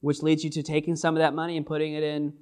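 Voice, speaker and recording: A man preaching a sermon, reading scripture and then retelling it in casual, animated paraphrase. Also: on the high side, quick pace, clear, resonant tone. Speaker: pastor.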